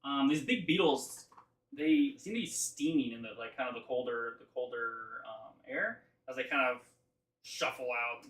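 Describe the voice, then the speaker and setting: A man's voice: mid-range voice, normal speed, fairly bright tone, recorded from a distance. A man narrating as game master, describing scenes loosely with many fillers. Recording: roomy, from off-mic.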